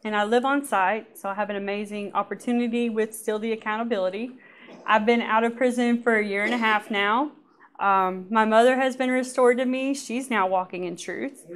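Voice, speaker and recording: A woman tells her personal testimony to a church gathering. Her voice sits a little high. She tells it with lively energy, laughs often, and acts out the voices of the people in her story. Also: moderate pace, a little hiss or hum.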